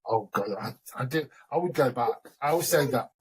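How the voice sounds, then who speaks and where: A man's voice: mid-range voice, breathy edge. A middle-aged man, telling rambling stories in a casual chat and laughing as he goes. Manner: rambling, chatty storyteller, quick to laugh. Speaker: host.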